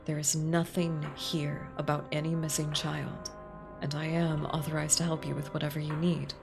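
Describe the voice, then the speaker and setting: Woman doing a tense game librarian, clipped, low-ish voice, sharp whispers. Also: normal speed, music in the background, lightly acted. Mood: hushed, guarded. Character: stern, shaken woman librarian, curt and guarded.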